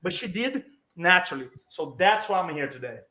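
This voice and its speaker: A middle-aged man with a high, bright voice tells a personal story as a podcast guest. He talks with energy and emphasis and acts out the people he quotes. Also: very animated, fairly quick. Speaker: podcast guest, speaking coach. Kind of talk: animated storytelling.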